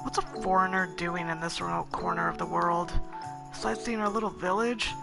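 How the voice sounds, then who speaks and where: Lady doing a grumpy boy, lower voice, snaps short rude replies, kinda gravelly. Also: fairly even intonation, brisk, music in the background. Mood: scornful. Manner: curt, dismissive. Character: rude, sullen village boy, blunt and scornful.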